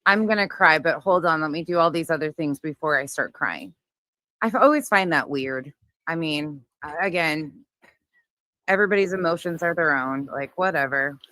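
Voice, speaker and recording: A woman's voice: low voice, moderate pace, pushed and bright, no room sound. A woman hosting a livestream, commenting bluntly on a clip to her chat. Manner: blunt, talks over clips to chat. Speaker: livestream host.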